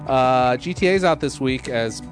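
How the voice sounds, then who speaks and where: A middle-aged man hosting a podcast in casual chat, relaxed and joking, often restarting his sentences. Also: medium pitch, a little slow, soft background music. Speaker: podcast host.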